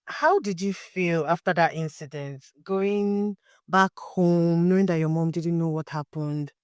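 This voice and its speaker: Calm Nigerian woman hosting a podcast. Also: lowish voice, measured pace, clean tone, no room sound, clean studio sound. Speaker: podcast host. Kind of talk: interviewing.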